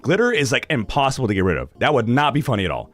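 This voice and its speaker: A man's voice: medium pitch, huge pitch swings, rapid-fire, soft background music. A young man streaming live, chatting casually with his viewers, ranting animatedly and swearing freely.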